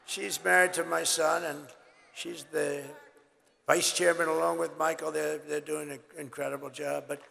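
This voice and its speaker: An older man giving a rambling, boastful campaign rally speech, his voice hoarse and worn, swinging between loud shouts and low asides. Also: level tone, moderate pace. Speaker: political candidate at a rally. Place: large rally venue. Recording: reverberant hall with crowd and faint noise.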